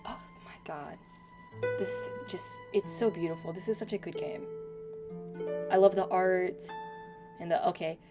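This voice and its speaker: A young woman streamer reading a game's text aloud dramatically and breaking in with excited reactions. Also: lowish voice, moderate pace, pauses often. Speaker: gaming streamer. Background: music.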